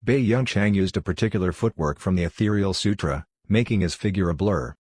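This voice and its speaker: A man narrating a fantasy audiobook in a steady, even reading. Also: sits low, brisk, husky, no room sound, clean studio sound. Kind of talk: scripted narration.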